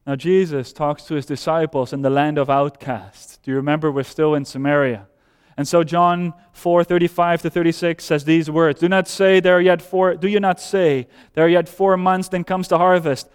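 A man preaching a sermon as pastor, whose first language is Dutch, emphatic and repetitive, rising loud and falling soft. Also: normal speed, clear, resonant tone. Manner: emphatic, repeats phrases, drops to soft low voice then rises. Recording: long hall reverb.

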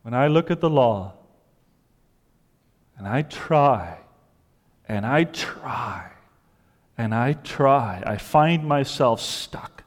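A man preaching a sermon with passion, dropping to a hush and then rising to loud cries. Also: medium pitch, expressive, drawn-out words, pauses often, in a large hall. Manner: impassioned, swings from hushed to loud cries. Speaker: pastor.

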